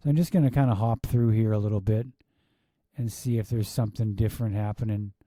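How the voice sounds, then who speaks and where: Exasperated man with a dark voice. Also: lowish voice, fairly even intonation, dry recording, studio quality. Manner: exasperated rhetorical questions, quick asides. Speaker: yoga teacher reviewing a class video. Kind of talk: casual critique with commentary.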